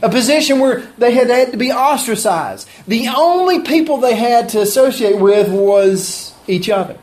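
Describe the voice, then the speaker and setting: A man's voice: very high-pitched, animated, normal speed, darkish tone. A man preaching a sermon, reading scripture and explaining it earnestly with emphasis.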